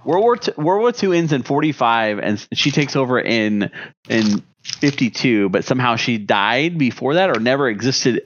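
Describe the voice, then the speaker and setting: A man on a casual podcast, picking a friend's wild theory apart with skeptical, exasperated disbelief. His pitch jumps around a lot as he argues. A faint hiss sits under the voice. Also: very animated, moderate pace, fairly bright tone, dull audio. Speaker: podcast co-host. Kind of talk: casual joking chat.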